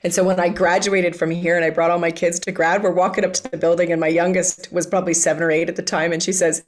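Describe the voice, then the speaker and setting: A woman's voice: on the low side, steady tone, fast talker, few pauses. Enthusiastic middle-aged woman guest. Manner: bubbly, enthusiastic, laughs often. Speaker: guest, author and music coach. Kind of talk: podcast interview. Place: recording studio.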